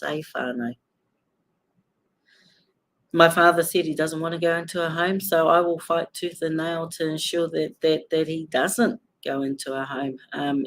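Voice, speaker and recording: A woman's voice: low voice, vocal fry. A middle-aged woman with a New Zealand accent, talking emotionally and angrily to viewers on a live stream from a hospital, swearing as she talks to them. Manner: angry, swearing, addressing viewers directly. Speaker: livestream host.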